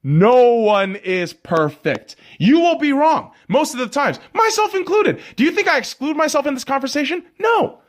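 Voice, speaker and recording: High-pitched ranting male podcast host. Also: big pitch swings, fairly quick, few pauses. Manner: loud, profane, exasperated ranting.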